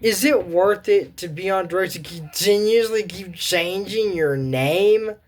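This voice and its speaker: A woman's voice: mid-range voice, measured pace, a little mellow. A woman giving rambling, digressive casual reaction commentary, often breaking off to move on to the next point. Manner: rambling, digressive, keeps saying "moving on".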